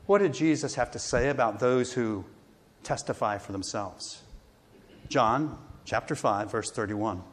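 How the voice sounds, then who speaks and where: A man's voice: medium pitch, measured pace, slightly rough. Earnest male preacher in a reverberant hall. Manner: earnest preaching, quoting scripture with rising emphasis. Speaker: pastor. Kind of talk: sermon.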